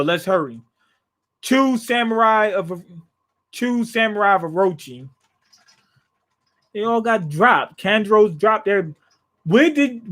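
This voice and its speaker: Slow, rambling high-voiced man. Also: fairly bright tone. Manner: rambling, full of fillers and restarts, jokey asides. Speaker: manga reaction channel host. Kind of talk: casual live reading reaction.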